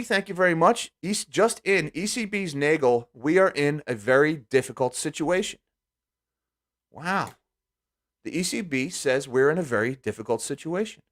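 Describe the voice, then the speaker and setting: Man, live-stream host, casual commentary, sarcastic asides. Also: a little high. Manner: sarcastic, reads and thanks viewer super chats.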